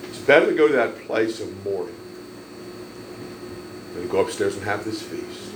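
A man preaching a sermon, telling stories emphatically and swelling loud on key lines. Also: fairly low pitch, lively intonation, normal speed, a little hiss or hum, poor audio. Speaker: pastor.

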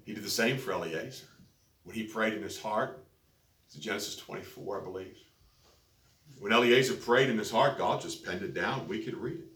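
A man's voice: fairly low pitch, moderate pace, fairly bright tone. A man preaching a sermon, telling a story and building to emphatic peaks. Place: church sanctuary. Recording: echoey church, distant mic, faint noise.

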